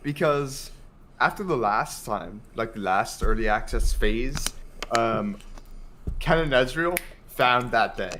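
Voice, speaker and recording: A man's voice: mid-range voice, expressive, takes it slowly, a bit bright, slight background noise. A man co-hosting a casual gaming podcast, easygoing and hedging his points with frequent ums. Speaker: podcast co-host.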